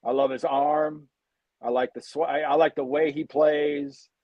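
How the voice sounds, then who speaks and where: A man's voice: on the high side, steady tone, a little slow, dry recording, lo-fi sound. A man in his sixties, a former football player guesting on a talk show, telling blunt, candid stories. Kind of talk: casual interview chat.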